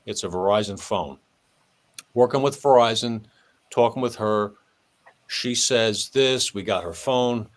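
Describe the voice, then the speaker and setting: A man's voice: on the low side, measured pace, pauses often. New man telling a police story. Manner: animated, acts out dialogue with shifting voice. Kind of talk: conversational storytelling on a podcast.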